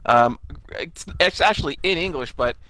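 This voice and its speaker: A man's voice: on the high side, animated, moderate pace, pushed and bright, no room sound. A man co-hosting a podcast, joking and teasing his friend in casual, profane banter. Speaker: podcast co-host.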